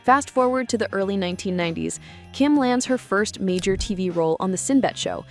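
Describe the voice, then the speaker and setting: A woman's voice: mid-range voice, animated, brisk, faint music behind. Woman narrating with dramatic teasers. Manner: dramatic, teasing build-up. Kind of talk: scripted documentary narration.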